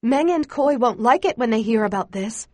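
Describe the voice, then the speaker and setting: A woman reading the lines of a cautious, worried girl, slow and pleading. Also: on the high side, lively intonation, a little mellow, no room sound. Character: cautious girl, older sister figure, worried.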